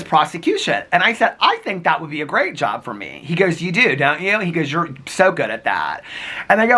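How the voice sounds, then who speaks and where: A man's voice: sharp tone, breathy edge. A man vlogging in a casual, chatty way, telling stories with frequent laughs and acting out what people said. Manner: chatty and giggly, acts out quoted lines in a higher voice. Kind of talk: casual storytelling vlog.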